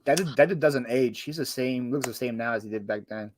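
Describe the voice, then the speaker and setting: A man's voice: mid-range voice, a little fast, a little hiss or hum. A man co-hosting a live stream, chatting casually and teasing the viewers in the chat.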